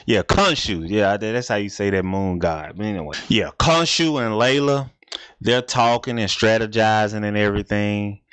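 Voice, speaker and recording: A man's voice: on the low side, expressive, normal speed, fairly bright tone, slight background noise. A man hosting a casual reaction video, talking in a rambling, repetitive, laid-back way.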